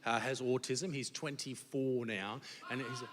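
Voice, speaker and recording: A man performing a crude, animated stand-up set on a theatre stage. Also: mid-range voice, unhurried, heavy background noise. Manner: crude, animated storytelling with crowd laughter. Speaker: stand-up comedian. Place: large old theatre on stage. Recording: long theatre reverb from stage.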